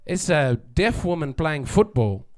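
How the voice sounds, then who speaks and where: A man's voice: fairly high pitch, very animated, unhurried, a little mellow. A man doing a sardonic stand-up set, chatting with the crowd and acting out quotes. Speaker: stand-up comedian. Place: comedy venue with live audience.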